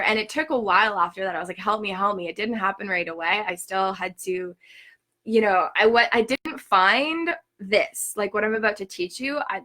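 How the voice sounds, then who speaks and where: A young woman hosting a live spiritual workshop, telling her story in an animated, chatty way full of "like". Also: medium pitch. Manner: chatty, heavy use of "like", emphatic and animated. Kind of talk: casual storytelling talk. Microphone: live stream, reads viewer comments.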